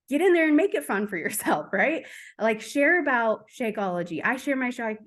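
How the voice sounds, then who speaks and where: Woman, fairly high voice, fast chatty coaching talk, lots of fillers. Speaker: team coach.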